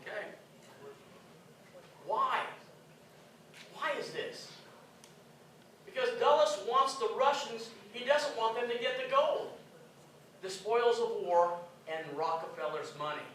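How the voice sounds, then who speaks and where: A man's voice: very high voice, takes it slowly, long pauses, fairly bright tone, slight background noise. Man lecturing in an echoey hall. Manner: emphatic, with rhetorical questions to the audience. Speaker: conference speaker. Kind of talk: lecture to a live audience. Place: conference hall. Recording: echoey hall, distant mic.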